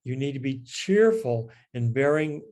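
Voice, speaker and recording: A man's voice: mid-range voice, animated, measured pace, darkish tone. A man, a priest, giving a spiritual lecture in a conversational storytelling manner. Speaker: priest teaching.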